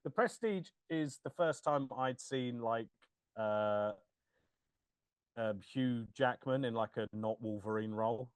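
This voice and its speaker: On a podcast, a male co-host chats casually in a smooth, medium-pitched voice, taking things slowly. He's animated, laughs, swears, and acts out quoted lines, with no room sound in the recording.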